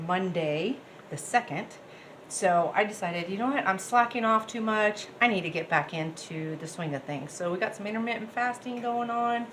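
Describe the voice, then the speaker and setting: A cooking vlogger with a mid-range, slightly bright voice cheerfully rambles to her viewers while cooking in her home kitchen, with slight background noise. She is bubbly and speaks directly to the audience in a casual, chatty vlog.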